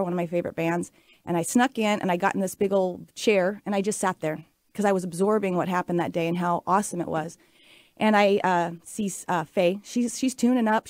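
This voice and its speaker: A slightly mellow, medium-pitched voice belongs to this Pacific Northwest radio host in her late forties. Speaking from the studio without echo, she tells a personal story in a casual monologue that is upbeat, earnest and chatty.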